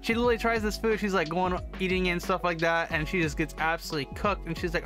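A young man casually reviewing an anime episode, excitable and slangy, often saying dude and bro. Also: a little high, fast, hardly any pauses, music in the background. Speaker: anime reaction youtuber.

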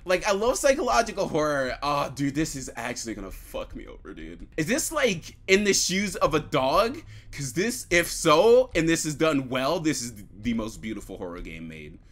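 A man's voice: on the high side, very animated, normal speed, hardly any pauses, a bit bright. A young man commentating a horror game he plays, swearing often, jumpy and screaming at scares. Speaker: gaming YouTuber.

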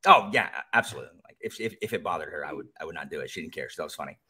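A man's voice: very deep voice, expressive, rapid-fire, sharp tone, slightly rough. A man, a podcast guest, chatting casually and animatedly, often jumping into mocking voices.

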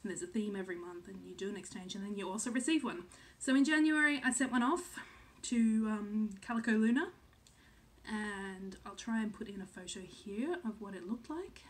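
A woman in her thirties from Australia talks to the camera at a normal speed in a mid-range voice. She's a cross-stitch vlogger, relaxed and chatty, who hesitates with plenty of "um"s and often questions herself.

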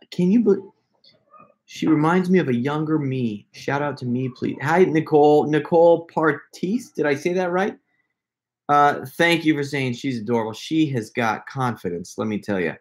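Brief: male live-stream host at home, chatty and loose, rambles, laughs a lot. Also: a little high. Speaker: prank caller hosting a livestream. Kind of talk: casual live-stream chat.

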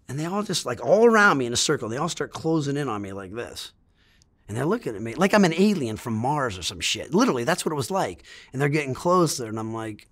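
A man's voice: fairly high pitch, sing-song, quick pace, fairly bright tone. A man telling a travel story in a rambling, casual way, swearing often and stammering as he restarts his sentences. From United States. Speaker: interviewee.

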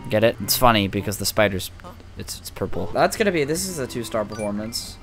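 A young adult man giving excitable, profane, joking let's play commentary as a gaming YouTuber. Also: on the low side, fairly quick, faint music behind.

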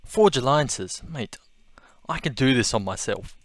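A young man with an Australian accent giving excitable let's-play commentary, gasping and repeating his exclamations. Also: medium pitch, a little slow, no echo. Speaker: gaming video host.

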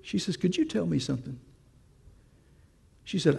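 A man's voice: on the high side, animated, normal speed, gravelly, pauses often, dark tone, husky, in a large hall. A man preaching a sermon, telling a story and asking the congregation questions in a conversational way.

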